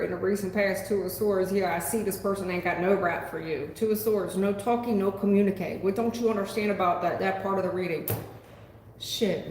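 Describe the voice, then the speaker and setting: A woman doing a live tarot reading, blunt, profane and animated as she answers her chat. Her mid-range voice rings around a bare, echoey room with a long tail, and a faint hiss sits underneath. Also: fairly low pitch. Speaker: tarot reader. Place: home room.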